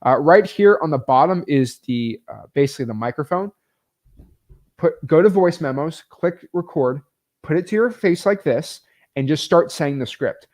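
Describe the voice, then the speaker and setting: A man teaching real estate wholesaling in a casual, energetic way, full of fillers like "like" and "um". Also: fairly high pitch, moderate pace.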